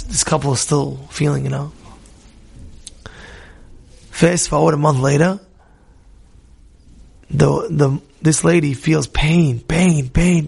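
Male religious teacher, high and gravelly, chatty storyteller who keeps asking the room questions. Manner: conversational, repeats himself, quizzes listeners. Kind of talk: storytelling Torah class.

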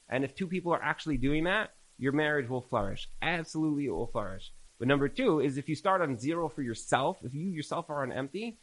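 A male Torah teacher gives a class in a lively storytelling style. He repeats key phrases for emphasis, and his voice sits in an ordinary middle pitch. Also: low-quality recording. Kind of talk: recorded religious class lecture.

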